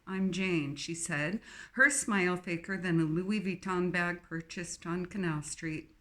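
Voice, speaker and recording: A woman reading a novel aloud in first person, expressive and lightly wry. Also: lowish voice, unhurried. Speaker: audiobook narrator. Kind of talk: scripted first-person narration.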